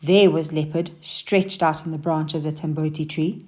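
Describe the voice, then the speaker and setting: A woman teacher reading a children's story aloud, with expressive and animated delivery. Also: sits low, moderate pace. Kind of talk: storybook narration.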